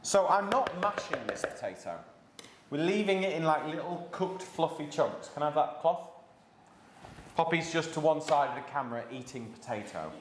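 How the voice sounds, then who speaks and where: A chatty, encouraging man with a slightly high voice talks through a recipe and jokes with his daughter beside him. He is recorded in an echoey home kitchen with faint noise behind him. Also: expressive, normal speed. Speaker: cooking class host. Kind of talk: live kids' cooking class.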